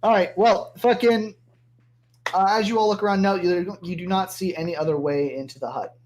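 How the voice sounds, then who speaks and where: A game master narrating a tabletop game on a stream, swearing freely and breaking off into quick jokes. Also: mid-range voice, a little mellow, slight background noise.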